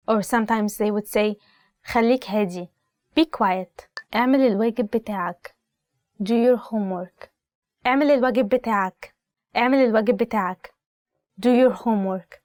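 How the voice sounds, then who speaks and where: A woman's voice: medium pitch, darkish tone, dry recording. A young woman with an Egyptian accent teaching language phrases, saying each one and repeating it with a translation, chatty and full of "like". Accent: Egyptian Arabic. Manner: chatty, peppered with "like", acts out scolding parent lines.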